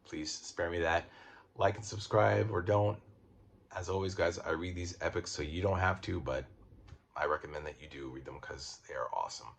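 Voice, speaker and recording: A man's voice: sits low, moderate pace, vocal fry, a little hiss or hum. A very tired man casually reviewing comic books on his channel, rambling and joking crudely.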